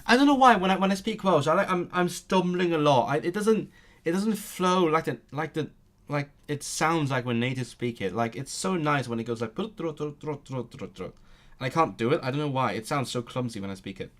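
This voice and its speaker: A young man streaming casually, reading aloud and thinking out loud, often stumbling and restarting his sentences. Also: fairly high pitch, animated, a little fast. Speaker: language-learning streamer.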